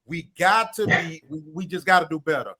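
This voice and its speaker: A man's voice: a little high, lively intonation, brisk, pushed and bright. A man moderating a panel call who urgently pleads for order and hands out turns. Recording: crowd noise behind.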